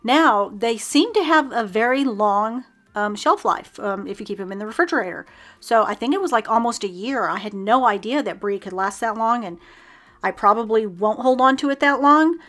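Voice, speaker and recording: A woman's voice: on the high side, lively intonation, moderate pace, fairly bright tone. A woman, chatting casually through a home decluttering video with frequent ums and little laughs at herself. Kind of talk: casual how-to voice-over.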